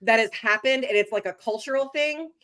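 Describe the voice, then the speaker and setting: Young adult woman, slightly high voice, chatty and emphatic with lots of fillers. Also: a little fast, a bit bright. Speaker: podcast co-host. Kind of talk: casual chat.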